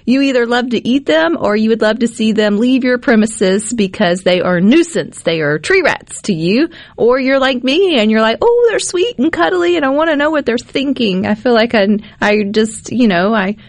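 A woman hosting a radio talk show in a studio, chatty and quick to laugh. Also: on the high side, no echo. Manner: chatty, giggly, laughs often. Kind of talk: casual radio chat. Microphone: studio microphone.

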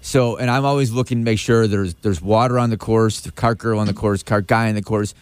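A man's voice: on the low side, steady tone, a little fast, clean tone, dry recording. A man hosting a radio show, chatting casually with plenty of restarts and asides, recorded on a studio microphone. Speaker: radio host.

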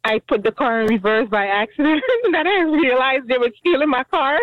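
High-voiced woman caller over a phone line. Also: normal speed, no echo. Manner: chatty, laughing at herself. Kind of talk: phone-in conversation. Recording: phone line into radio studio.

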